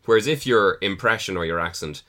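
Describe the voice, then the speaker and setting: A man's voice: deep voice, pushed and bright. A man in casual chat about comedy, thinking aloud with hedges and restarts. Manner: measured, hedging, thinks aloud. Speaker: podcast co-host.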